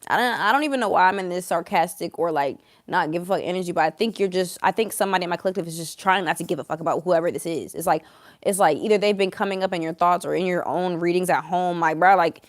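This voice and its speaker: A woman's voice: lowish voice, fast, dry recording, clean studio sound. A woman doing a live-streamed tarot reading, sarcastic and blunt, swearing freely and laughing often. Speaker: tarot reader.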